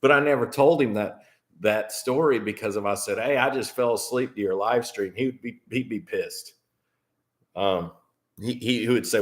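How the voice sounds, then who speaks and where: A man's voice: lowish voice, moderate pace. A man telling a rambling story to his live chat, swearing freely and filling gaps with ums. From United States. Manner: rambling, profane, with frequent fillers. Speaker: vlogger.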